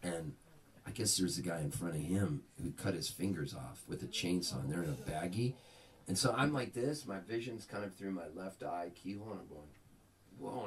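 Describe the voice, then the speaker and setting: A man's voice: sits low, distant mic, slight background noise. A man telling comic stories to a small audience at a private house party, acting out the people in his tales. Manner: animated, acts out the voices in his stories. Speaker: singer-songwriter performing a house concert. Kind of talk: live comic storytelling between songs.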